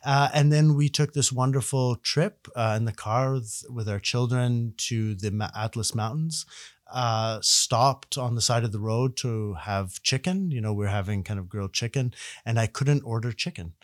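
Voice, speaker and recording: Man, middle-aged, from Canada, podcast guest, animated storytelling, self-correcting, mid pitch. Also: normal speed, dry recording, studio quality. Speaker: guest, researcher. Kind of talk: casual conversational storytelling.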